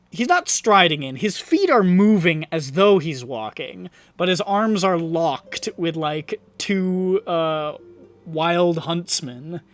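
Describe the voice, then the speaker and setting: Laughing, animated tabletop game master. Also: medium pitch, no echo. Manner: animated, rambling, laughs often.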